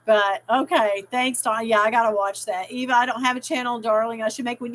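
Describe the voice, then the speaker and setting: A woman's voice: on the high side, normal speed, fairly bright tone, poor audio. A middle-aged woman hosting a casual live stream, rambling and reading out viewers' chat comments with easy laughter. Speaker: livestream host.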